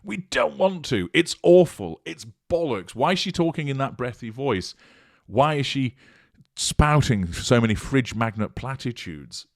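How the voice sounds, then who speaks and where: An exasperated pair of ears rants shrilly in a voice, as a man puts them on. The voice jumps high above his usual low register and spits out its complaints. The sound is dry and close, with no room around it. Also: lively intonation, unhurried, creaky, no room sound. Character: a listener's shrieking ears, fed up.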